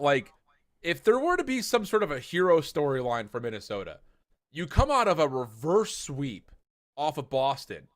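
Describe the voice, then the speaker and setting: A man's voice: a little high, a bit bright, no room sound, clean studio sound. A man casting an esports match in a chatty, joking way, with many fillers as he breaks down the standings. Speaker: esports caster. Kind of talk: esports desk commentary.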